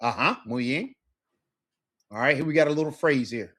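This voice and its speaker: Guy teaching spanish to a student, encouraging, keeps asking "all right?", medium pitched voice. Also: normal speed, a bit bright. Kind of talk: live language lesson.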